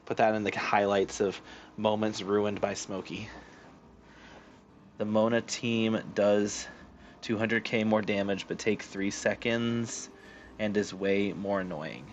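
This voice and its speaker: A man's voice: on the low side, steady tone, slow, a little hiss or hum. A young man streaming a video game, chatting casually and joking with his cat. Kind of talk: casual live-stream chat.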